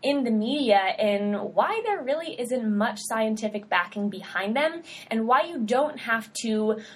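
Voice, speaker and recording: A young woman with a fairly high voice hosts her own podcast solo. She is a dietitian and talks in an upbeat, chatty way, full of casual slang. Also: lively intonation, measured pace.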